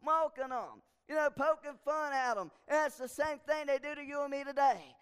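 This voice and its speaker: A man's voice: extremely high pitch, moderate pace, fairly bright tone. A man pastor preaching a sermon, hammering his points by repeating phrases. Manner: emphatic, repeats lines for stress. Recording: long hall reverb.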